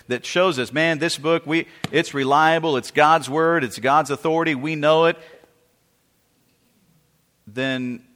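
A man's voice: fairly high pitch, fairly bright tone. Earnest male pastor in a reverberant hall. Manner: earnest, repetitive, asks the audience questions. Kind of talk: sermon.

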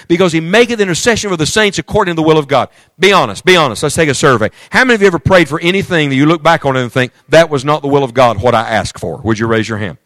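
Male preacher, slightly higher voice, dry close recording; builds to emphatic peaks, then falls to near-whispered asides. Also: no echo. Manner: swings between loud emphatic declarations and hushed intimate storytelling; reads scripture aloud in King James wording. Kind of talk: sermon.

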